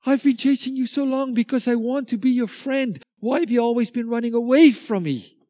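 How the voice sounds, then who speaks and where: A man voicing a friendly hound who speaks gently and gladly in a story told from the pulpit. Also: extremely high pitch, brisk, no room sound, clean studio sound, voice pushed up. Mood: glad, tender. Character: friendly hound chasing a hare, glad.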